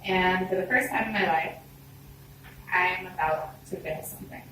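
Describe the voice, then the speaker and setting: A woman telling a personal story on a live storytelling stage, expressive, conversational and self-deprecating. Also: fairly low pitch, normal speed. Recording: roomy hall, distant mic, background noise.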